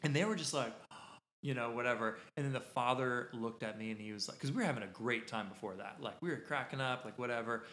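A man's voice: medium pitch, big pitch swings, brisk, sharp tone. A man hosting a podcast, telling a casual story in a rambling, self-interrupting way. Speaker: podcast host. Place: podcast studio. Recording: echoey room.

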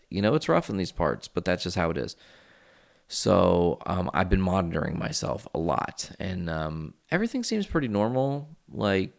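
A man's voice: low voice, gravelly. A man in his thirties telling a rambling, profane personal story to his viewers in a casual vlog. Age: 30s. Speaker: vlogger.

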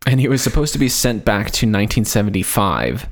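A man with a fairly low voice that swings up and down as he tells the story. He talks casually and laughs easily among friends on a podcast. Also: big pitch swings, fairly quick. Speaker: podcast host telling the story. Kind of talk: casual group chat.

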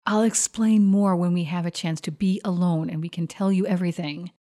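A woman voicing a resolute young adventurer, speaking earnestly in a lowered, careful voice. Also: fairly even intonation, fairly quick, dark tone, lightly acted.

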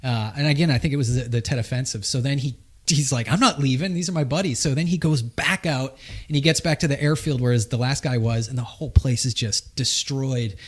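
A man's voice: medium pitch, a little fast. A man with a Boston accent hosting a casual chat, telling a story with a rambling, profane manner and many restarts. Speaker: podcast host.

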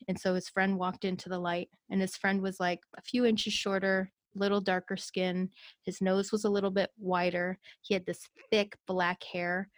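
Earnest, even-toned woman recounting an experience. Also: mid-range voice, moderate pace, no room sound, studio quality. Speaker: guest. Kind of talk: personal storytelling in an interview.

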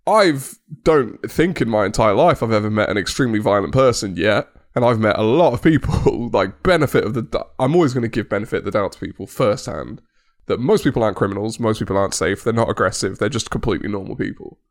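Earnest, low-voiced man. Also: lively intonation, fast talker. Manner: earnest, reflective, many "like" fillers. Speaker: podcast co-host. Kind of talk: casual chat.

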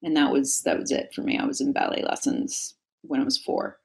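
A woman's voice: rumbling low, huge pitch swings, a little fast, gravelly. A young adult woman, an actress, talking earnestly and reflectively in an interview. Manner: reflective, earnest, grows emotional. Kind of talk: casual interview conversation.

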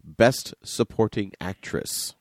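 A man's voice: fairly low pitch, slow, darkish tone, dry recording. A man from Massachusetts, co-hosting a casual movie podcast, chatty and rambling. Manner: chatty, rambling, easily laughing. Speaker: podcast co-host.

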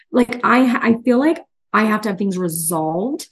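A woman podcast host talking candidly and chattily in a casual conversation, quick to laugh. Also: medium pitch.

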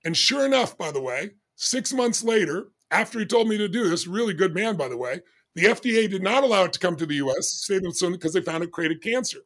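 A man in his sixties telling a personal story in an interview, animated and acting out the dialogue he recalls. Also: sits high, fast talker. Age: 60s. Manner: animated, acts out dialogue with doctors. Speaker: interview guest.

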